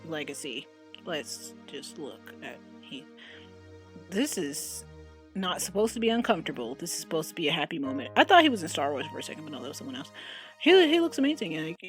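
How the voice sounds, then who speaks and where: A young woman vlogger giving casual reaction commentary, chatty and exclamatory. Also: on the low side.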